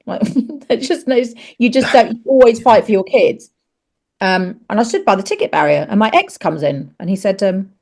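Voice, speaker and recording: A woman's voice: mid-range voice, lively intonation, brisk, a little mellow. A middle-aged woman and actress, a podcast guest who candidly tells a personal story, frankly swearing and acting out the dialogue in raised voices.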